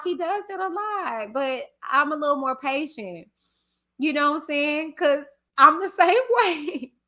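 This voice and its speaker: A woman from Texas with a Southern accent, hosting a livestream and reading viewer comments aloud in a loud, passionate, chatty way. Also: high-pitched. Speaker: livestream host reading chat. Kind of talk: casual chat with viewers.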